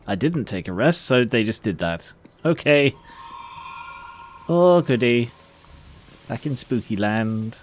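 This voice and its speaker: A man giving casual, excitable gameplay commentary, laughing and swearing as he plays. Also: mid-range voice, unhurried, long pauses, slight background noise. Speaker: let's play host.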